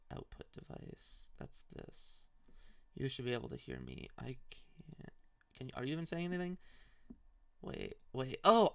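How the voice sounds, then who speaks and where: Smooth-voiced casual young streamer guy. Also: mid-range voice, a bit bright, dry recording. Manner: profane, loose slang, many restarts. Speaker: streamer hosting call-ins. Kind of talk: casual live-stream chat.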